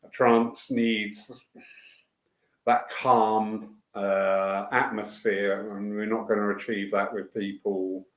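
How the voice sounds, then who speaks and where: A man's voice: on the low side, little pitch movement, takes it slowly, reverberant. A man who organizes church events, running through the day's programme in a chatty, enthusiastic way with fillers and asides. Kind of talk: casual spoken announcements. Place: church hall.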